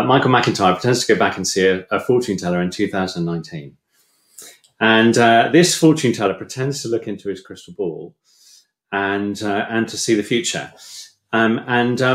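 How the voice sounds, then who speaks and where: Chatty low-voiced man preaching in an echoey room. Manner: chatty, hesitant with many ums, self-deprecating humour. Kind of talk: casual talk in a church sermon.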